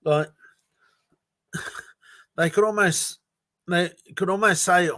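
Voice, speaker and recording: A man's voice: high-pitched, steady tone, slow pace, long pauses, fairly bright tone. A man chatting casually on a livestream about crypto, frank and rambling, with sighs, laughs and some swearing. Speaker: crypto project founder streaming to his community. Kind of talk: casual livestream chat, reading viewer comments.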